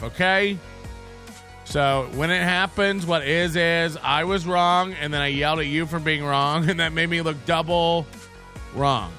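Bright-voiced, profane male livestream host. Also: on the high side. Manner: rambling, profane, self-mocking. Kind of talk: casual livestream chat.

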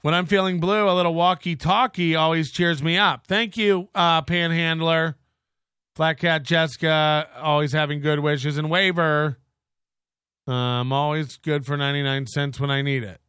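A man hosting a casual livestream, rambling along in a blunt, sarcastic way. His voice sits high and sounds bright and forward. The recording is close and dry. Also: fairly even intonation, moderate pace, smooth, dry recording. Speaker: host.

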